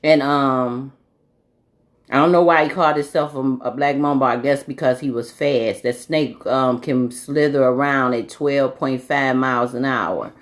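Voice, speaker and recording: A woman's voice: very deep voice, measured pace. A woman vlogger in a rambling, earnest spiritual monologue, often stopping to correct herself.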